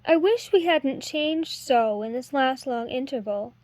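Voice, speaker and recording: A woman reading a measured, kindly master harper. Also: high voice, expressive, darkish tone, no echo. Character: wise, measured older master harper, a man.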